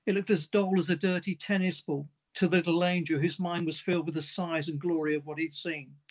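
A man's voice: a little high, fairly even intonation, fairly quick. A man preaching a sermon in an earnest manner, reading a story aloud with its dialogue.

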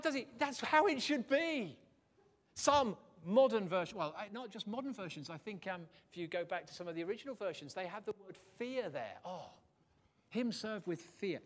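A man preaching a sermon in church, animated and jokey, swinging his pitch and loudness for emphasis.

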